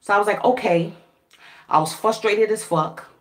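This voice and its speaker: A woman vlogger telling a story to her viewers in a casual, animated way, swearing freely and laughing often. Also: mid-range voice, normal speed. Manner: animated, profane, laughing, acts out quoted voices. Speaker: spiritual reader and vlogger. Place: at home.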